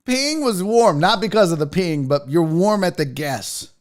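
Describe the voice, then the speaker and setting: A man's voice: high-pitched, lively intonation, a little slow. A man hosting a live sports talk show, chatting loosely with viewers in a rambling, profane way. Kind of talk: casual live-stream chat.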